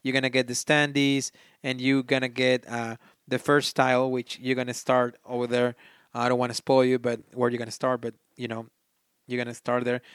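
A man with a non-native English accent hosts a board game podcast in a relaxed, chatty way. His voice sits at an ordinary middle pitch, and the recording is dry and close with almost no room sound. He reads game text aloud and breaks off now and then to restart a phrase. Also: normal speed, smooth, no room sound. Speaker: podcast host. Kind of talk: casual board game review.

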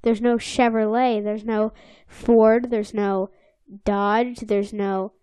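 A woman's voice: medium pitch, little pitch movement, slow pace, mellow, clean tone, no room sound. A woman co-hosting a podcast, chatting casually and playfully, sometimes slipping into silly voices. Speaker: podcast co-host. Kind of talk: casual chat recapping a cartoon episode.

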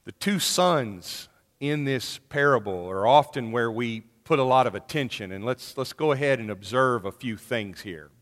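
A man preaching a sermon in an animated way, acting out the people in his story. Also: mid-range voice, normal speed, long reverb tail. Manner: animated, acts out quoted voices.

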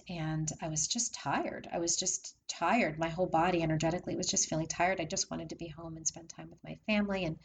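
A woman's voice: fairly low pitch, a little hiss or hum, poor audio. A woman telling her own life story as a candid monologue, repeating phrases and asking the listener rhetorical questions. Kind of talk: personal testimony monologue.

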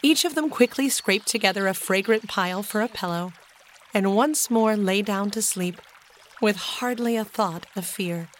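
A woman narrating a children's storybook in an even, measured way. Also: mid-range voice, a little hiss or hum. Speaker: audiobook narrator. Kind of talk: storybook reading.

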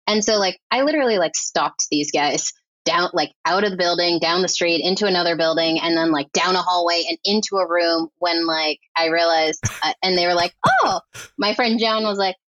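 A woman's voice: fairly low pitch, a little fast, a bit bright, no echo. A young adult woman, a film editor guest, telling stories in a casual, chatty podcast interview full of fillers. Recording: slightly dull lo-fi audio.

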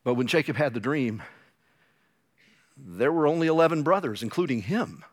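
A male pastor preaching a sermon, telling the story with animated drama and joking asides. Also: medium pitch, normal speed.

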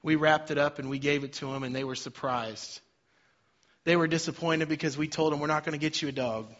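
A man, a pastor, preaching a sermon with dynamic swings between loud emphasis and soft, quiet lines. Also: fairly high pitch, fairly even intonation, a little fast, highs cut off.

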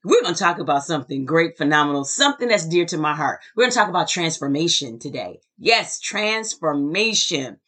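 A woman's voice: sits low, sing-song, fast talker, few pauses, fairly bright tone. A woman hosting a motivational podcast as a success coach, enthusiastic and emphatic, often repeating words for effect.

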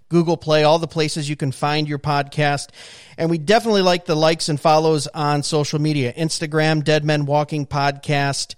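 A man's voice: on the high side, smooth, no echo, studio quality. A man hosting a podcast, introducing the episode in a loose, chatty way with fillers and asides. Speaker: podcast host.

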